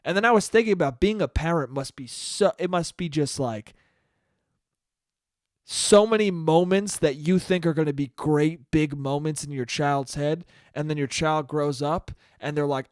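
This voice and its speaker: Man, 20s, solo podcast host, casual monologue, rambling, profane, laughs a lot, slightly high voice. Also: normal speed, no room sound, clean studio sound. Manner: rambling, swears freely, laughs at own stories.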